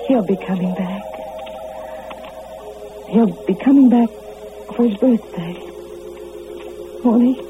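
A woman's voice: a little high, expressive, moderate pace, long pauses, lightly acted. An actress playing an earnest young woman who keeps hoping her absent sweetheart will write, in an old radio drama. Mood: hopeful. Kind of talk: 1940s radio acting. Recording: phone-like old radio recording with hiss.

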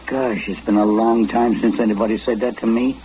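A man's voice: fairly low pitch, steady tone, brisk, warm tone, natural voice. An actor in an old-time radio drama playing a shy, poor young man who stammers politely and sounds humble and grateful. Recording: dull lo-fi old radio recording with hiss.

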